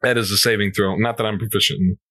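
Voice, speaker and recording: A man playing a tabletop game, quick, joking and giggly. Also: fairly low pitch, fairly even intonation, sharp tone, no room sound. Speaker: player.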